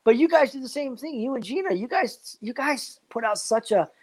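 A man chats casually in a rambling, upbeat way, full of fillers and motivational asides, and keeps saying "man" and "you know what." His very high voice is expressive, at a moderate pace.

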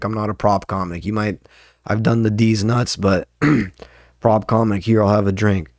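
A man's voice: lowish voice, flat delivery, moderate pace, dry recording, studio quality. A young man and open mic comedian, rambling and swearing a lot in a casual podcast monologue. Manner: rambling, profane, ranting.

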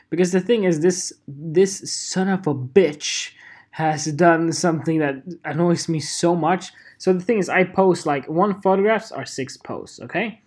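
A young man from Sweden with a Swedish accent, talking casually to camera as a photographer in a rambling, jokey vlog monologue. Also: on the high side. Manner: rambling, animated, jokey asides with playful voices.

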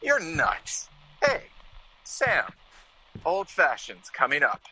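An actor playing a nervous friend in an old-time radio drama, talking in quick exclamations. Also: male voice, a little high, huge pitch swings, sharp tone, slightly rough, full character voice, poor audio. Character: nervous friend who finds a body.

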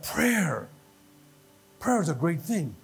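A man preaching a sermon, telling a personal testimony in an animated storytelling way and building to fervent exhortation. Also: high voice, fairly quick. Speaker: pastor. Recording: long reverb with faint music behind.

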